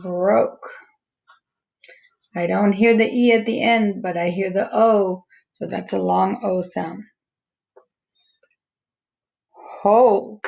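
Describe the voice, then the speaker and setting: A woman teacher slowly walking young students through a phonics lesson, stretching out each word's sounds. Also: mid-range voice, creaky, darkish tone, dull audio. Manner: slow, patient, stretching out each word sound.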